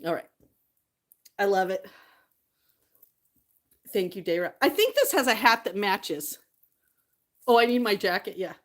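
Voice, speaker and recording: A woman's voice: medium pitch, big pitch swings, a little slow, long pauses. A woman vlogger chatting casually to the camera, tearful at times and laughing often between lines.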